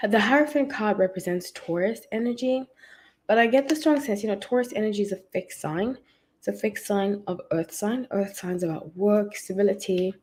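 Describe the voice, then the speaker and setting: A woman's voice: mid-range voice, a little mellow. Chatty woman hosting a tarot livestream. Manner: chatty, greets viewers by name, rambling asides. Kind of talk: casual livestream chat. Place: at home.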